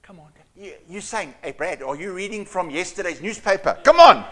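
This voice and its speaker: A man preaching a sermon as pastor, reading scripture dramatically and swinging between loud outbursts and hushed asides. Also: high-pitched, lively intonation, moderate pace.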